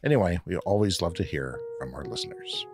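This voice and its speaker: A man's voice: sits low, brisk, music in the background. Canadian podcast host guy, wry and jokey, voice jumps around a lot. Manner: wry, joking, animated. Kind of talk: casual podcast chat.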